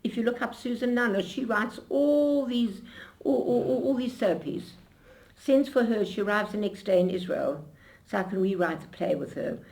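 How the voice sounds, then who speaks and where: Animated older woman telling stories. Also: medium pitch, moderate pace, vocal fry. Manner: animated storyteller with frequent restarts. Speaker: interviewee. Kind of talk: storytelling interview.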